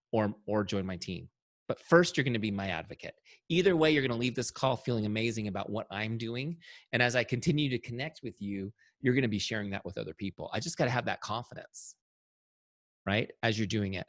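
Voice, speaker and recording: A man teaching an online sales training, coaching energetically and walking through software on screen. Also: mid-range voice, no echo, clean studio sound.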